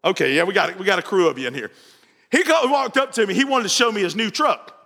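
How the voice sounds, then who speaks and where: A pastor preaches with a very high, bright, forceful voice. He tells stories animatedly, doubles back on his phrases and shouts out key lines. His voice rings through a church sanctuary with a long reverb tail. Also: quick pace, gravelly. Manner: animated storytelling, repeats phrases, shouts for emphasis. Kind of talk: sermon.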